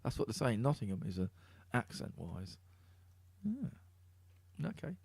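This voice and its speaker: This East Midlands man from Middle England hosts a podcast in laid-back, laughter-filled conversation, swearing casually. His voice is on the low side with wildly swooping pitch, creaky, a little mellow and breathy, at a moderate pace with no echo.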